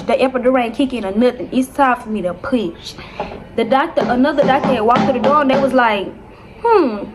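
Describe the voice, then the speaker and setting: Animated young woman telling a storytime. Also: high-pitched, slight background noise. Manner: animated, dramatic retelling with constant "y'all". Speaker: vlogger. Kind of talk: casual storytime to viewers.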